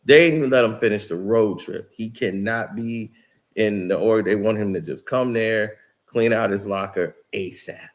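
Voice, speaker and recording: A man with a lowish voice, talking at a normal pace, recounts a locker-room story on his basketball channel. The casual monologue is slangy and emphatic, and he acts out everyone's words.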